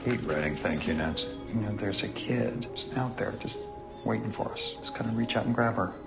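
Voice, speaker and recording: An actor in a TV drama playing a playful, affectionate husband. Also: male voice, fairly low pitch, normal speed, gravelly. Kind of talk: TV drama acting. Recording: clip from a TV drama with music.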